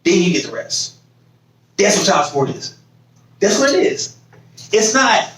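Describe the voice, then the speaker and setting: A man's voice: sits high, very animated, unhurried, pauses often, fairly bright tone, reverberant, distant mic, low-quality recording. A man hosting a podcast in casual chat, swearing freely, acting out other people's voices and laughing often. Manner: swears freely, repeats phrases while building a point. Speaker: podcast host.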